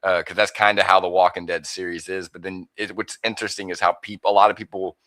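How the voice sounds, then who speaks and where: A laid-back man with a very low voice that still has a bright, forceful edge. He rambles casually with fillers, recorded dry and close. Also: flat delivery, quick pace, no room sound. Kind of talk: casual chat.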